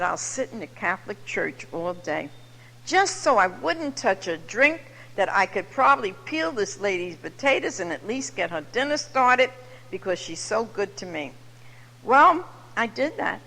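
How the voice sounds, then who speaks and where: Gravelly older New woman in a hall. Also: a little high. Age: 70s. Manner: lively storyteller with comic timing. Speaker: recovery meeting speaker. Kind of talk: personal testimony to a live audience. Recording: echoey hall from far off.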